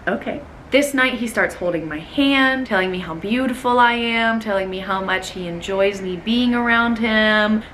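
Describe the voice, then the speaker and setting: A woman vlogger telling a personal story in an animated, dramatic way, acting out what people said. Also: medium pitch, moderate pace, a little hiss or hum. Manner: animated, dramatic, acts out quotes. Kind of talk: storytelling vlog.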